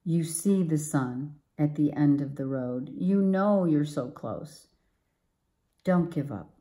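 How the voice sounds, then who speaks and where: A woman's voice: sits low, slow, warm tone. A woman giving a tarot reading to viewers, emphatic and exclaiming, often repeating herself. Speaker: tarot reader.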